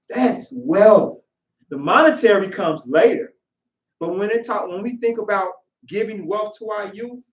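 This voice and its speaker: A man preaching a sermon in casual, conversational speech, lively as he acts out voices. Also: high-pitched. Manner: animated, acts out quoted voices. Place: worship hall. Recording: echoey room, voice from far off.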